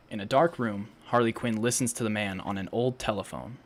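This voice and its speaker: A man's voice: fairly low pitch, a little fast, few pauses. A man narrating stage directions in a live read of a fan audio drama, plain and matter-of-fact.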